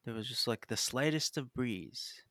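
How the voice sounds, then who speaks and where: Bright-voiced man chatting loosely. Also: mid-range voice, normal speed, no echo, clean studio sound. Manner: lively, jokey, lots of "like". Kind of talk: casual chat.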